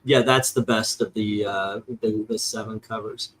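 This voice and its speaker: A man's voice: on the low side, steady tone, moderate pace, breathy edge, low-quality recording. A man on a casual panel who tallies the votes and suggests where to move each item. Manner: tallies votes, practical, trailing off. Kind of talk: casual group discussion.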